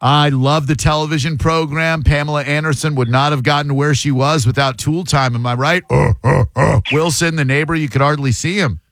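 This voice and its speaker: A man's voice: a little high, fairly even intonation, brisk, few pauses, fairly bright tone, no echo. A man hosting a podcast, chatting casually with a sarcastic, teasing manner. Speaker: podcast host. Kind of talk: casual chat.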